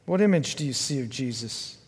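A male pastor preaching a sermon, asking the congregation questions and swinging from fervent pleading to quiet, low reflection. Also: lively intonation, a little fast, breathy edge, long reverb tail. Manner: earnest and questioning, rising to fervent pleading then dropping low.

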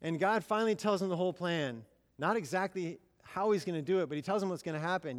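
Conversational preacher in a reverberant hall. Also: male voice, a little high, moderate pace. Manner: conversational, chatty, with fillers and quoted dialogue. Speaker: missionary speaker. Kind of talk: sermon storytelling. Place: church.

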